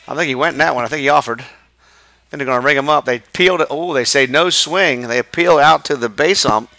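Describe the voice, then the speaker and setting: A man calling a high school baseball game play by play from the press box, brisk and chatty. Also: pushed and bright, no echo. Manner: brisk, chatty, laughs with partner. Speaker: play-by-play announcer. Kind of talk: live baseball play-by-play commentary.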